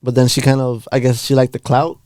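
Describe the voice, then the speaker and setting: A man's voice: medium pitch, flat delivery, fairly quick, a little mellow, no echo, studio quality. A young man from Los Angeles co-hosting a podcast, rambling through stories in slangy, casual chat and laughing often. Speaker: podcast co-host.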